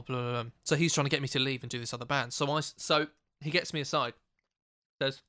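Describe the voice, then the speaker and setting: A man, a podcast co-host, telling an animated, sweary anecdote in casual chat. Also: mid-range voice, brisk, dry recording, clean studio sound.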